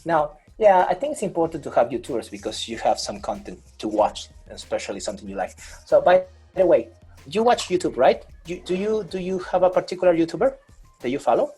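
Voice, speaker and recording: A man's voice: fairly high pitch, very animated, a little fast, warm tone, husky, soft background music, low-quality recording. A man teaching an online English grammar class over a video call, patient, repeating and rephrasing with many fillers.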